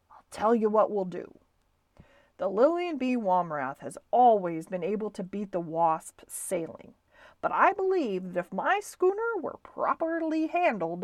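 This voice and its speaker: A woman's voice: mid-range voice, no room sound, clean studio sound, close to an everyday voice. A woman voicing a blustery, emphatic grown man who owns a toy schooner, in a storybook reading.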